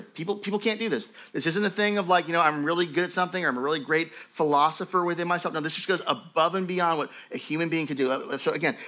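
A man teaching a sermon as pastor, telling stories in a lively conversational way with frequent asides to his listeners. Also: a little high. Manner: animated storytelling, conversational asides.

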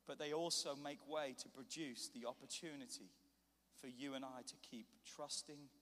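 A man preaching a sermon, telling a scripture story and acting out its scenes with animated voices. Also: mid-range voice, moderate pace, a little hiss or hum. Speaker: pastor. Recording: long hall reverb.

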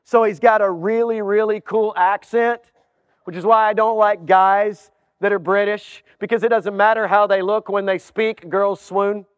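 A man's voice: high voice, steady tone, normal speed, clear, resonant tone. A male pastor preaching a sermon with humorous storytelling and wry asides. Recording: dull sound in a reverberant hall.

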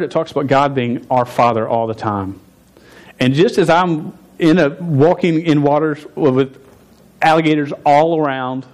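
A man in his forties telling a story in a sermon, animated, stumbling and restarting his words as he goes. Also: mid-range voice. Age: 40s. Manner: stuttering with frequent restarts. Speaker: pastor.

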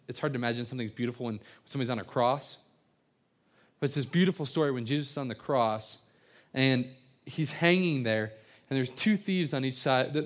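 A man preaching an evening sermon. He tells stories in an earnest way, often stumbling and repeating words before finishing a thought. His voice sits at an ordinary middle pitch. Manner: earnest storytelling with many repeated words and restarts. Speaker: pastor.

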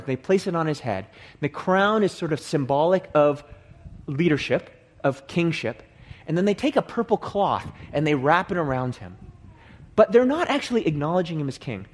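Animated man teaching a Bible passage. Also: on the high side. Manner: explains and restates points, repeating phrases for emphasis.

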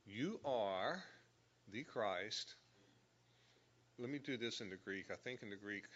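A man's voice: lowish voice, animated, a little slow, fairly bright tone, lo-fi sound. A man teaching a Bible lesson, explaining verse by verse and stressing key words. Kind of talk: sermon.

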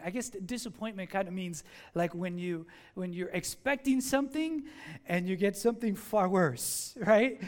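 A male pastor preaching a sermon, telling a story in an animated, conversational way. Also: sits high. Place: church in Miami.

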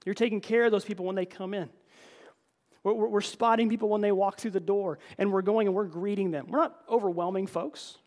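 A man's voice: sits high, fairly even intonation, fairly quick, a little mellow. A man preaching a conversational sermon in a church, earnest, often repeating words and calling the congregation folks. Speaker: pastor.

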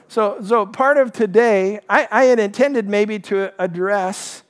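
A man preaching with real fire, his voice sitting high for a man. He pushes hard on key phrases, then drops low and quiet, winding his sermon toward his congregation. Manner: impassioned, rising and falling emphasis. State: out of breath at times. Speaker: pastor.

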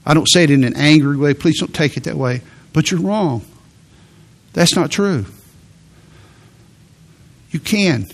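A middle-aged male pastor delivering a sermon. His voice sits a little high for a man. He speaks earnestly and stresses points with sudden lifts. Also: expressive, unhurried, pauses often. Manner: earnest, emphatic preaching with sudden rises.

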